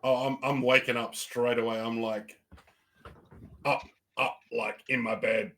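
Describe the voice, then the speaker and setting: A man's voice: medium pitch, little pitch movement, moderate pace, fairly bright tone, rough recording. A man playing a tabletop game, hesitant and thinking aloud, swearing casually. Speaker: player.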